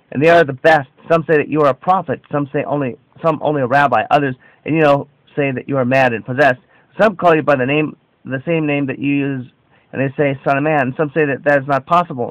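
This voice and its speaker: A man reading scripture aloud with commentary, slow and solemn, stressing quoted dialogue. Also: mid-range voice, no room sound, muffled recording.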